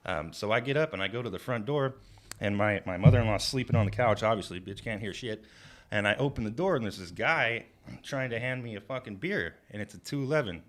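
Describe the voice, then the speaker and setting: Animated, profane male storyteller. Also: on the low side, a little fast. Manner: animated, profane, shouts quoted lines. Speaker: comedian workshopping a bit. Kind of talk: storytelling stand-up draft.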